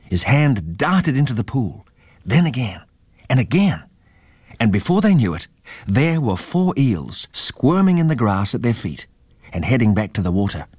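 Expressive man reading a children's story. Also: medium pitch, moderate pace, breathy edge, no room sound, clean studio sound.

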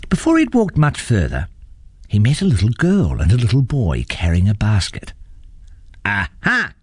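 A man reading a children's story aloud with expressive delivery. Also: lowish voice, normal speed, husky, no room sound, studio quality. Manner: expressive, animated.

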